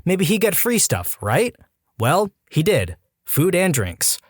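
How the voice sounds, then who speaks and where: A man narrating reader-submitted stories as a podcast host, with animated storytelling and quick asides. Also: on the high side, no room sound, clean studio sound.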